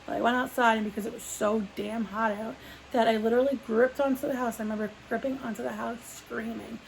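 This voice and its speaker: Young woman vlogging a story, kinda gravelly, higher voice, says like a lot. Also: fairly even intonation, quick pace, slight background noise, low-quality recording. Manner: rambling, full of "like" fillers and restarts. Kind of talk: casual sit-down storytelling.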